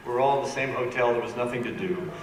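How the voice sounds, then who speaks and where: A man telling a lively anecdote on a fan convention panel, acting out the other people in the story as he goes. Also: medium pitch, fast. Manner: lively storyteller, acts out voices. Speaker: panel guest actor. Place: large convention hall. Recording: echoey convention hall, distant mic, noisy.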